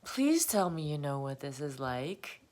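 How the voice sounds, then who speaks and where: A woman talks slowly and unhurriedly to her camera, her voice sitting a little low. She rambles through a confessional monologue and keeps breaking into laughter. She sounds emotional, close to tears. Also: very animated, a little mellow. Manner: rambling, laughs often while talking. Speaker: vlogger.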